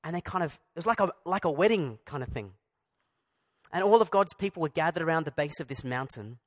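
Male pastor, fairly high voice, chatty sermon full of asides and restarts. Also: expressive, brisk. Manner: conversational with asides and repeated restarts.

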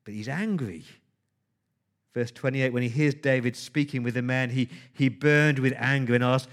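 A man's voice: medium pitch, moderate pace. A man preaching a sermon, emphatic, with rhetorical questions and words repeated for stress.

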